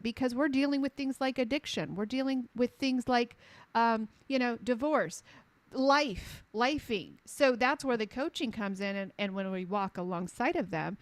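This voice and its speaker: A woman's voice: on the high side, dry recording. A middle-aged woman, a health coach talking with passion. She hammers points home by repeating them and acts out quotes as she tells stories. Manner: emphatic, repeats phrases for punch; animated storyteller acting out quotes. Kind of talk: impassioned conversational advocacy.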